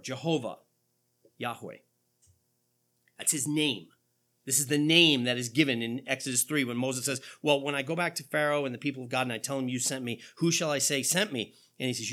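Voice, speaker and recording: A man preaching a sermon in a church, asking and answering his own questions and slowing down to stress key phrases. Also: fairly high pitch, fairly bright tone. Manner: conversational asides, asks and answers own questions. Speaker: pastor. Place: church sanctuary.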